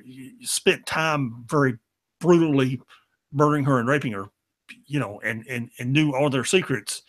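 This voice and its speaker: A man's voice: mid-range voice, a bit bright. A man co-hosting a casual comic book podcast, who stammers and repeats words while he talks and has a cold. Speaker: podcast co-host.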